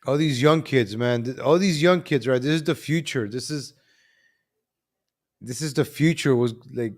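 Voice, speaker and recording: A man hosting a live commentary stream, animated and repetitive, calling out to viewers as ladies and gentlemen. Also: mid-range voice, normal speed. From New York.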